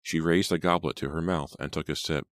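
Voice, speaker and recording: Deep voiced guy narrating an audiobook, steady pace, dry recording. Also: a little fast, no echo. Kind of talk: scripted narration. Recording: dry close studio sound.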